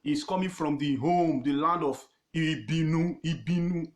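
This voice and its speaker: A man with a Nigerian accent teaching history informally on his own page, emphatic and repetitive, pausing often with fillers. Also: a little high, reverberant. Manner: emphatic, repeats words, pauses with fillers.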